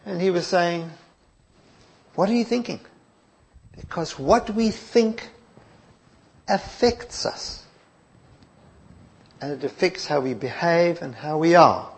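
Aussie guy preaching a sermon, slow and deliberate, slightly higher voice, goes quiet for asides. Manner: measured, emphatic, drops to soft asides.

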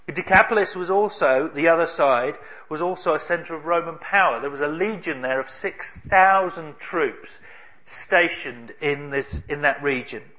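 A man preaching a sermon, telling a story in an emphatic way with dramatic pauses. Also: on the high side, sharp tone.

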